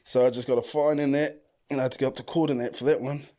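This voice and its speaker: A man with a New Zealand accent telling a story casually as a podcast host, full of slang and swearing, who acts out the quoted lines loudly. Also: mid-range voice, fairly even intonation, fast.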